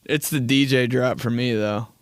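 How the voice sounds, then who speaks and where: A young man hosting a solo comedy podcast, animated and swearing freely as he acts out little scenes in other voices. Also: mid-range voice, normal speed, no echo, studio quality. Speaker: podcast host.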